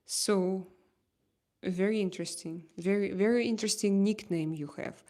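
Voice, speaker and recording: A Russian woman with a Russian accent hosting a casual livestream chat, reading comments and pausing often to search for English words. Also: medium pitch, warm tone. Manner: halting, searching for English words, many fillers. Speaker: livestream host.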